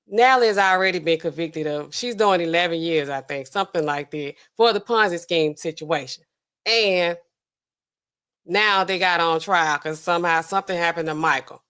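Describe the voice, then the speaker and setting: A woman pharmacist hosting a casual true-crime livestream, chatting straight to her viewers with big swings of pitch. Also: bright, forceful tone, clear, resonant tone. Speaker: pharmacist host.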